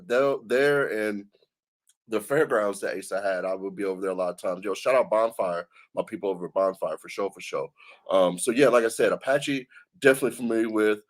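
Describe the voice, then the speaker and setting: A man's voice: fairly low pitch, moderate pace. A man from the American South hosting a casual chat over a remote call, slangy and loose, laughing often. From Southern United States. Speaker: podcast host.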